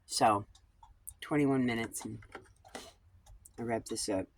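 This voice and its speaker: A woman's voice: a bass voice, a little hiss or hum. Blunt, rambling woman vlogger. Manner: blunt and digressive, swears freely. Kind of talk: rambling personal monologue on coping.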